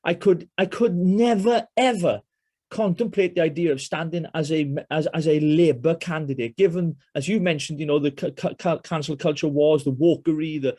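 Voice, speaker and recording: A man from Wales hosts a casual political interview, chatty and animated. His voice sits a little high as he leads the talk and asks questions. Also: normal speed. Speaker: podcast host.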